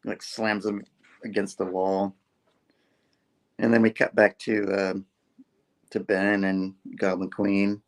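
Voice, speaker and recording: A hoarse man co-hosting a casual comic book review, retelling the plot in an animated way full of "like" asides. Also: fairly low pitch, slow pace, pauses often. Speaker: co-host.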